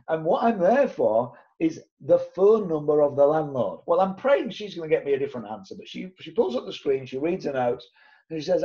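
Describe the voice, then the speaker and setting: A man, telling an animated story to camera and acting out the other people's voices as he goes. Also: fairly high pitch, normal speed, dull audio. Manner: lively, acts out the other voices in his tale. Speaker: property investor sharing his story.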